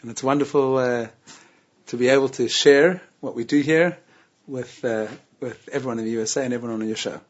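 A man's voice: medium pitch, steady tone, fairly quick, dull audio. A man with a South African accent, a rabbinic administrator answering interview questions earnestly, with many "you know"s and "um"s.

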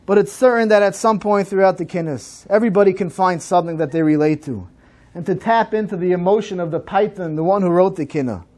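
A man speaks at a synagogue program in a high voice. His delivery is slow and measured, the steady cadence of a solemn sermon. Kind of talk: solemn sermon-style talk.

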